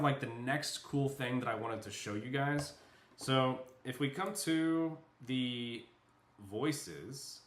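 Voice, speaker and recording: Chatty man with a bright, echoey voice. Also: medium pitch. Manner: loose and chatty, many fillers, thinks aloud. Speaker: software demo presenter. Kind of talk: casual screen-share product walkthrough. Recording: echoey room.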